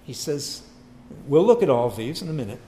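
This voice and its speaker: A man's voice: medium pitch, very animated, fairly quick, mellow, roomy sound. A man preaching a sermon as pastor, emphatic and repeating key phrases.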